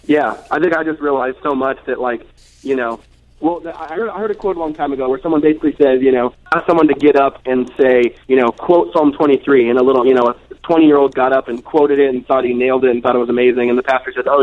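A man's voice: medium pitch, fast. A man in his twenties, a guest author speaking over the phone, earnest with many restarts. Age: 20s. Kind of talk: phone interview. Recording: dull phone line.

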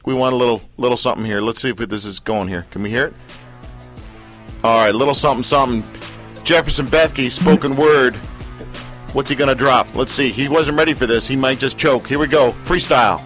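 Bright-voiced joking radio host, man. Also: mid-range voice, brisk, soft background music. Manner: jokey, teasing, laughs often.

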